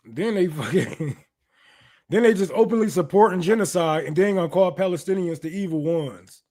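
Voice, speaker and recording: A man's voice: high-pitched, expressive, moderate pace, dark tone. A man hosting a casual political livestream, talking loosely and rambling, then breaking into mocking, swearing rants. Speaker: livestream host.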